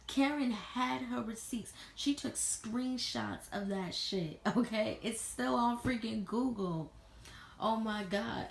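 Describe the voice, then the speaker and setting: Young woman, casual TV reviewer, blunt and profane; gravelly voice, roomy echo. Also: fairly high pitch. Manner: blunt, profane, animated retelling with slang. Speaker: reality TV reviewer. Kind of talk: casual chat. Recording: echoey room with faint ambient noise.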